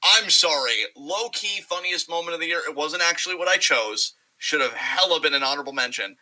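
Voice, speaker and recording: A young man co-hosting a wrestling podcast, talking casually and profanely and slipping into quick impressions of wrestlers. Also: fairly high pitch, animated, bright, forceful tone, poor audio. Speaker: podcast co-host.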